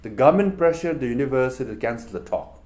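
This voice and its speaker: Tibetan-accented man giving a lively talk. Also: medium pitch, fast talker. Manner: animated storytelling with rhetorical questions. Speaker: public speaker. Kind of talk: public talk to a university audience.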